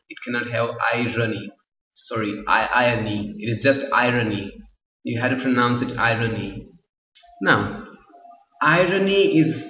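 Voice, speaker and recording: A man teaching an English literature class, explaining slowly and often repeating himself. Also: medium pitch. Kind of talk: classroom lecture. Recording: roomy echo, far from the mic, dull lo-fi sound.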